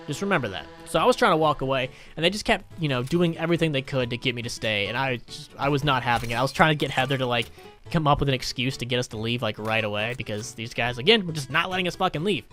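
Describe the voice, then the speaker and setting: A man's voice: medium pitch, lively intonation, fast, a bit bright, faint music behind. A man telling a story in casual, profane commentary while playing a video game, ranting with lots of energy. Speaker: gaming YouTuber.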